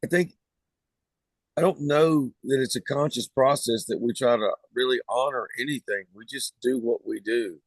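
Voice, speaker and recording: A man's voice: mid-range voice, moderate pace, no room sound. Easygoing Southern US man. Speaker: band singer, guest. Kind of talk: casual podcast interview.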